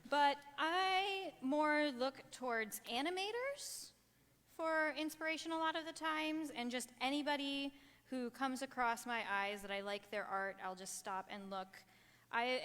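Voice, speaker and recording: A woman's voice: high-pitched, fairly bright tone, clean tone, long reverb tail. A young woman artist chatting dryly and self-deprecatingly while she paints on stage. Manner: dry, wry, self-deprecating. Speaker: local artist painting live. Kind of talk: casual chat while painting.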